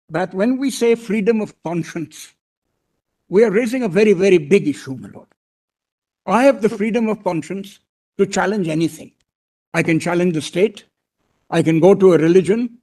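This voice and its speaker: A man with an Indian English accent argues before a court bench, his voice sitting fairly high for a man. He speaks in a deliberate, deferential way, repeatedly addressing the judges as he builds his legal point. The delivery is measured courtroom advocacy. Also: a little mellow.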